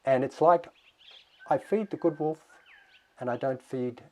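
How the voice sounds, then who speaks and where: A man voicing a wise, gentle old grandmother in a calm, patient way. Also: mid-range voice, unhurried, voice pushed up, natural voice.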